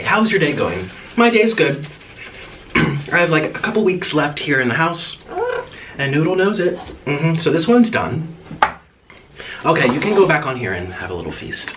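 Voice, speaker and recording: A man's voice: fairly high pitch, big pitch swings, normal speed, long pauses. A man hosting a mukbang eating-show vlog, playful and rambling, chatting to viewers and cooing at his pet bird. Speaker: mukbang vlogger. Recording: distant mic with clear background noise.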